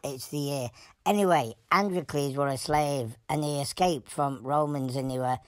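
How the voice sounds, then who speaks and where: A plain-spoken Yorkshire creature tells a long story in a low, dry voice, as a woman puts it on. The telling is deadpan and wandering, full of dialect and asides. It sounds close and dry, with no room around it. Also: moderate pace, no room sound, lightly acted. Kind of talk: comic animal voice-over.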